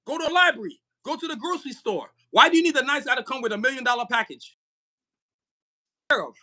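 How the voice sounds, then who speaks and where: A man, a podcast guest talking in an animated, emphatic way, often repeating himself and laughing. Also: extremely high pitch. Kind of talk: casual podcast conversation.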